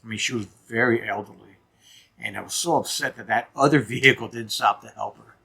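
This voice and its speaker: Husky-voiced man in his fifties. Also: mid-range voice, a little fast, sharp tone. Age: 50s. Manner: earnest, emphatic storyteller. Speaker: channel host. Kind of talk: personal storytelling vlog.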